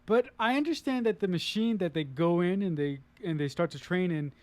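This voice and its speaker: High-voiced man retelling a film plot. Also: expressive, brisk, a little mellow, no room sound. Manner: retells the plot loosely, with many fillers and restarts. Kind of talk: casual film discussion.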